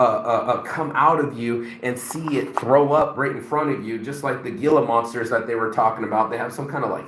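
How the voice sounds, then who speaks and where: A man's voice: medium pitch, fairly bright tone, roomy sound, poor audio. A man in his forties giving a rambling motivational talk, full of swearing and filler words. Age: 40s. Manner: rambling, profane, many fillers. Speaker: motivational vlogger. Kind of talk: casual motivational monologue.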